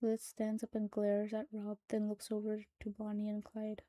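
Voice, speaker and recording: A woman reads a horror story aloud in a hushed, soft-spoken voice that slips into whispers. Her delivery is flat and even, with a dark, mellow tone. The recording is dry and close. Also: mid-range voice, normal speed, no room sound, rough recording. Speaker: narrator. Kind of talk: scripted horror story reading.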